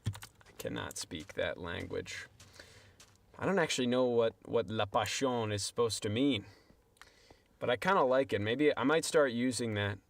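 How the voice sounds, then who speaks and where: A young male livestreamer rambles casually to his viewers during a gameplay stream, poking fun at himself. His voice sits in the mid-range and he talks at a moderate pace.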